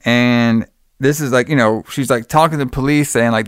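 Rambling man recapping a film, smooth and dry. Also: mid-range voice, normal speed, no echo. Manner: rambling, lots of fillers, acts out quotes in a raised voice. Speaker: podcast host recapping a movie. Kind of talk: casual chat.

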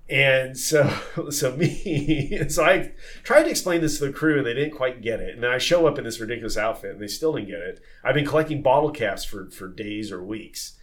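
A man who sailed on tall ships, telling stories in a casual podcast conversation, lively and full of fillers and restarts. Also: mid-range voice, moderate pace. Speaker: former tall ship sailor.

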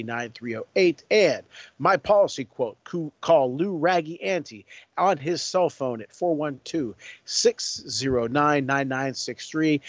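Brief: man as podcast host, conversational plugs, middle pitch, dry, slightly muffled. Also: no room sound. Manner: conversational, reels off sponsor plugs and phone numbers. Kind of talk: interview hosting and sponsor reads.

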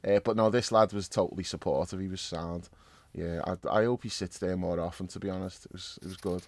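A man co-hosting a casual football chat, telling stories in an animated way with plenty of swearing and laughter. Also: sits low, a little fast. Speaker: football podcast co-host. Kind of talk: casual match reaction chat.

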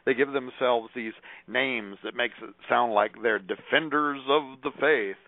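An older male preacher speaks in an emphatic, preacherly manner, citing scripture chapter and verse. His voice sits at an ordinary pitch for a man. It comes through narrow and tinny like a phone line, bone dry with no room sound. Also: a little slow, no room sound. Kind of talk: radio show monologue to listeners.

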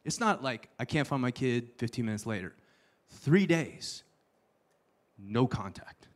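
Lively, animated male preacher. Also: medium pitch, a little slow. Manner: animated storytelling with playful asides and sudden hushed lines. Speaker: pastor. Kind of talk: sermon.

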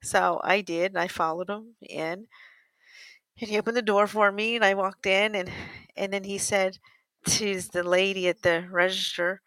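A woman's voice: medium pitch, steady tone, moderate pace, fairly bright tone, dry recording, rough recording. An older woman from the United States telling a personal story in a casual, rambling way, correcting herself and laughing often. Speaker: interviewee.

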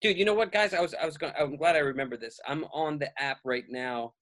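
A man's voice: fairly high pitch, fast talker, fairly bright tone. A man hosting a podcast, telling stories in a loose, casual way and saying "dude" a lot. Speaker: podcast host. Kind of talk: casual chat.

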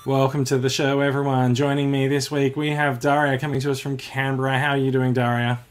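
An Australian man hosts a podcast in a loose, upbeat chat. He is talkative and drops in plenty of fillers as he goes. His voice sits at a middling pitch. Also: little pitch movement, a little fast, music in the background. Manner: chatty and upbeat, with many fillers. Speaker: podcast host.

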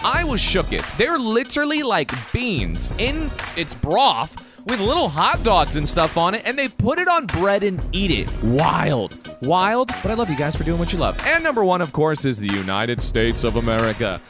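A man hosting a podcast in a casual monologue, theatrical and hyped, breaking into sung and shouted bursts. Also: high-pitched, wildly swooping pitch, moderate pace, over music. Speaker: podcast host.

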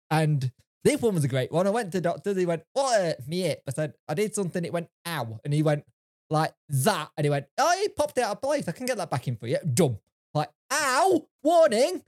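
Young male co-host, lively animated pitch, chatty storyteller. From England. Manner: lively storyteller, acts out quotes. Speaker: podcast co-host. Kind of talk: casual chat.

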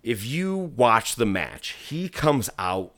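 On a casual wrestling podcast, this male co-host speaks slowly in a mid-range voice, captured as a dry, clean studio recording. He's an animated storyteller who swears freely and performs the quotes of the people in his tales.

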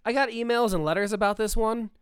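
A man co-hosting a podcast in casual chat, animated and quick to laugh. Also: high-pitched, smooth, dry recording, studio quality. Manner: animated, laughs often, acts out quoted voices. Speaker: podcast co-host.

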